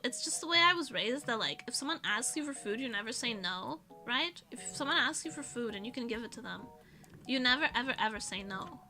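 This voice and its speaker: A woman's voice: fairly high pitch, expressive, brisk, sharp tone. A young woman streamer chatting casually, rambling and self-mocking with frequent laughs. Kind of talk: casual chat.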